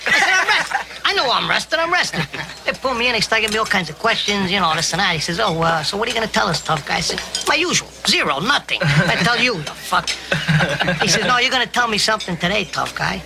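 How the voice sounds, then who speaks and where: A menacing mobster, film clip. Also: male voice, sits high, animated, fast talker, gravelly, background noise. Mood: boisterous. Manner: swaggering, then coldly menacing. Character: volatile menacing male mobster telling a story. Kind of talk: film scene played on a podcast. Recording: film clip with background ambience.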